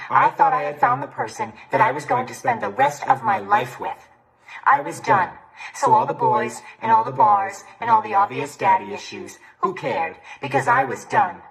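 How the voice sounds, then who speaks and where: Brief: a wounded woman doctor, cutting and gravelly. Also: fairly high pitch, fairly bright tone, slight background noise, exaggerated voice, rough recording. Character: hurt, defiant woman surgeon confronting her ex. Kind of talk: TV drama acting.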